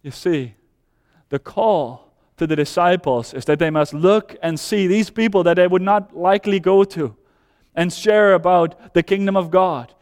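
A man whose first language is Dutch preaches to a congregation, pressing his points with repetition and swinging between hushed lows and emphatic highs. His voice sits high and comes through smooth and resonant. Long reverb from the church hall trails each phrase. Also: a little slow. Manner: emphatic, repeats phrases, drops to soft low voice then rises. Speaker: pastor. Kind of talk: sermon.

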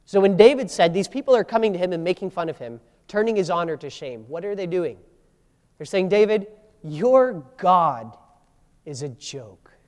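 A man's voice: high-pitched, lively intonation, fast, darkish tone, in a large hall. A man preaching a sermon, acting out scripture quotes with changing voice and emphasis. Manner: acts out biblical quotes with shifting voices and emphasis. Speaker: pastor.

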